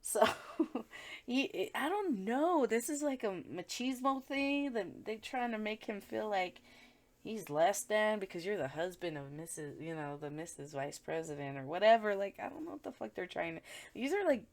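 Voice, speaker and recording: A woman's voice: medium pitch, animated, moderate pace. A woman giving a casual tarot reading, talking bluntly and with plenty of swearing and filler words. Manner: chatty, blunt and profane, with frequent filler words. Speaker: tarot reader.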